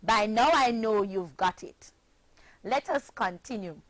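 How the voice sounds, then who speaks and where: A woman from Jamaica teaching a pronunciation lesson, speaking clearly and deliberately and spelling words letter by letter. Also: mid-range voice, dry recording. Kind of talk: slow classroom pronunciation lesson.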